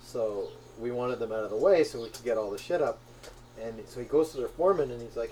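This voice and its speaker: A man's voice: medium pitch, quick pace. A man co-hosting a podcast, casually telling a swearing-laced story to friends over a board game. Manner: animated storyteller, swears freely. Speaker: podcast co-host. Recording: distant mic with background noise.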